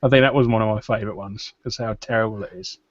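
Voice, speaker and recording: A man's voice: lowish voice, steady tone, fast talker. A man on a live stream chatting bluntly and joking with the other guests. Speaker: guest YouTuber. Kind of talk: casual live-stream chat. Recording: dull dry lo-fi sound.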